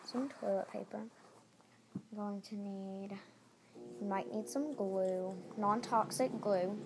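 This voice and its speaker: A woman's voice: mid-range voice, steady tone, slow pace. A woman talking casually through a step-by-step craft tutorial at home, repeating each step as she goes. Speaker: DIY tutorial maker. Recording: noisy home recording.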